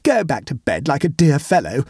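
A man voicing a plump, peevish, fussy young gentleman who speaks in a shrill, fretful tone. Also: huge pitch swings, moderate pace, vocal fry, slightly rough, no echo, studio quality, exaggerated voice. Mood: pleading, anxious.

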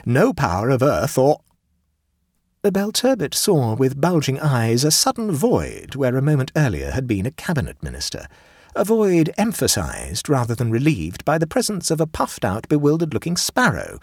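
A man reads a story in a measured, expressive way. His voice is slightly husky and moves through a very wide pitch range, recorded close and dry. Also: dry recording. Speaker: narrator. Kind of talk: scripted storybook narration.

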